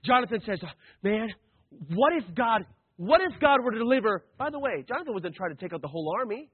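High-voiced guy preaching a sermon, really animated, sounds tinny like over a phone. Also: fairly quick, breathy edge. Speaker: pastor.

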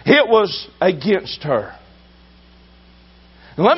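A man preaching a sermon with emphasis, swinging between loud drawn-out shouts and low asides. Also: big pitch swings, husky, muffled recording.

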